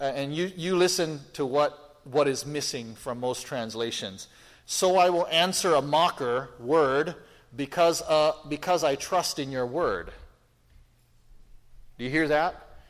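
A man preaching a sermon with a somewhat high voice. He talks in a chatty way, leans hard on key words and throws out rhetorical questions. The sound rings with the long reverb of a big hall. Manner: conversational, emphatic, rhetorical questions, frequent restarts.

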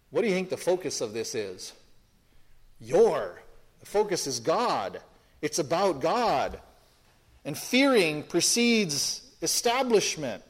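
A man preaching an expository sermon to a congregation, emphatic, often repeating phrases and restarting sentences. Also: on the high side.

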